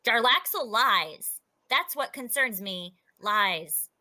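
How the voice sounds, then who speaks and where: Woman playing a confrontational flying adventurer; bright and animated, somewhat high. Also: slow pace, heavily acted. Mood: suspicious. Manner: confrontational, blunt. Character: suspicious young woman adventurer who flies.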